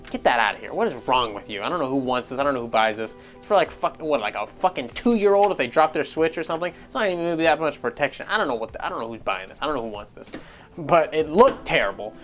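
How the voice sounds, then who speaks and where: A man's voice: fairly high pitch, fairly bright tone. A man hosting a gaming news show, ranting in casual, profane and sarcastic commentary.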